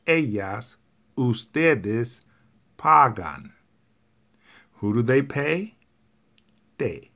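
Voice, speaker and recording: A man's voice: medium pitch, a bit bright. A man teaching Spanish grammar to a class, patiently repeating each point step by step.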